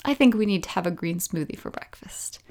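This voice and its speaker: A woman voicing her own heart as a calm, sensible figure that speaks in a soft, hushed, patient way. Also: sits high, normal speed, pitched above the performer's own voice. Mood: calmly insistent.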